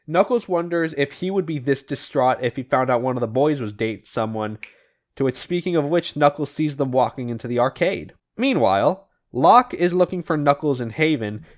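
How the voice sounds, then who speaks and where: A man hosting a casual podcast and recapping comic plots, swearing and laughing as he goes. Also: mid-range voice. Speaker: podcast host.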